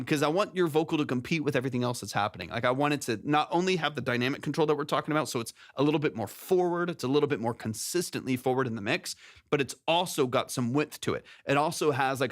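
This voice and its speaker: On a music production stream, a man of medium pitch and fairly bright tone casually critiques a song's mix from a technical angle. He rambles, catches and fixes his own words, and breaks into demo syllables. It's a dry recording, captured close on a compressed studio microphone.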